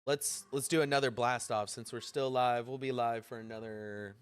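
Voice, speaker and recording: A man hosts a casual livestream and talks to his chat in a loose, rambling way while he fixes technical problems. His voice sits at a middle pitch and sounds dry and close to the mic. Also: fairly even intonation, moderate pace, smooth, no room sound. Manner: rambling, talking to chat while fixing stream lag. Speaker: livestream host.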